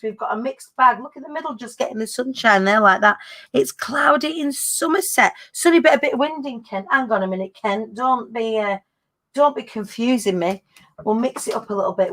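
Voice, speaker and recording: A woman's voice: a little high, fairly bright tone, slight background noise. A woman, hosting a casual live-stream chat in a bubbly way, full of British slang. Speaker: host.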